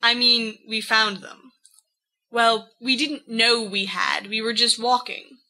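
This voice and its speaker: A woman's voice: fairly high pitch, fairly even intonation, slow, pushed and bright, exaggerated voice, rough recording. A woman voicing a brash, cocky eighteen-year-old young man who tells his story in a boastful, rambling way. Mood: recounting.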